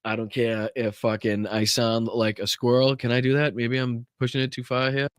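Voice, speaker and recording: A man's voice: medium pitch, flat delivery, moderate pace, clean tone, no echo, studio quality. A man from Massachusetts, hosting a casual livestream podcast and rambling in a profane, joking way. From Massachusetts, USA. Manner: profane, rambling, joking about his tech troubles. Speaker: political podcast host.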